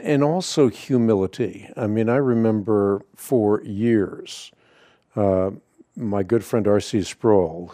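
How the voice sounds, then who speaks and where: Mellow-voiced man hosting a radio call-in. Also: fairly low pitch, dry recording, clean studio sound. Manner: measured, thoughtful, repeats words when starting. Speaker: radio Bible-answer host. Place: radio studio.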